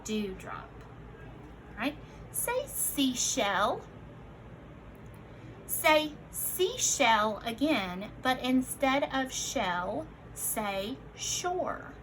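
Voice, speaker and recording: Slow, bright-voiced woman teaching phonics. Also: sits high, very animated, slight background noise, rough recording. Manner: slow, clearly enunciated prompts; encouraging, addresses listeners as friends. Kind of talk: recorded phonics lesson for children.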